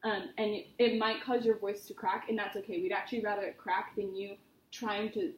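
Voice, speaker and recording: A woman's voice: mid-range voice, little pitch movement, brisk. A woman voice teacher giving a private singing lesson, chatty and encouraging as she explains with vivid images. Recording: roomy studio with faint noise.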